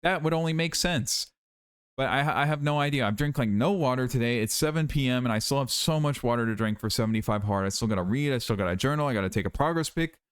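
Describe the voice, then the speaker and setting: A man's voice: mid-range voice, fast, clear, resonant tone. A tired young man rambling in a casual vlog monologue, self-critical and repeating himself. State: tired, worn out. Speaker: YouTuber.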